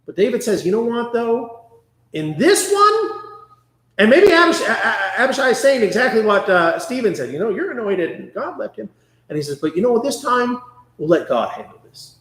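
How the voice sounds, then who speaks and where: A man leading a conversational Bible study, chatty and animated, often acting out quotes. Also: sits high, brisk. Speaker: Bible class teacher. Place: church classroom. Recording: echoey room.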